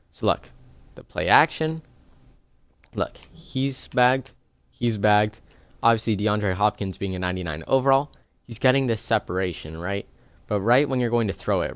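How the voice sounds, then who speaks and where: Young male gaming creator, lowish clean voice, casual step-by-step tutorial talk, dry close mic. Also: smooth, no echo. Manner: explains plays step by step, chatty with fillers.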